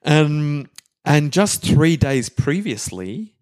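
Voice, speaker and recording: A man's voice: on the high side, big pitch swings, takes it slowly, a little mellow. A man telling a story in a casual, rambling, jokey chat, laughing at his own bits. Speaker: storyteller, podcast co-host.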